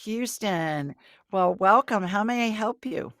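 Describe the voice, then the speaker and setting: A woman hosting a live call-in show, chatty and quick to laugh, her pitch jumping up when excited. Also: no room sound, clean studio sound. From Alabama, US South. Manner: chatty, laughs easily, lively swings in pitch. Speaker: host and intuitive reader.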